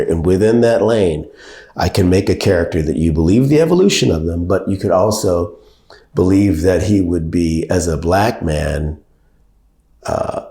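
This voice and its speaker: A man in his sixties being interviewed, telling stories in a measured, thoughtful way that gets lively when he quotes people. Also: deep voice, gravelly, echoey room. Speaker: actor and director, guest. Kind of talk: reflective interview storytelling.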